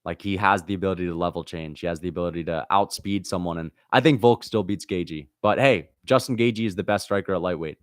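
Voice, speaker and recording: A man hosting a livestream, reading viewer comments aloud and answering them in a casual chat. He is frustrated and swears often, jumping between loud outbursts and low muttering. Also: quick pace, hardly any pauses, no room sound, studio quality. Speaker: livestream host reacting to fights.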